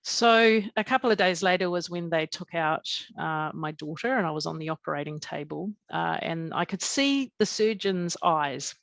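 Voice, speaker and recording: A woman guest on a podcast telling her own story in a calm, matter-of-fact way, with many soft fillers. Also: on the low side, normal speed, gravelly, hardly any pauses, dry recording. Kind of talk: personal storytelling.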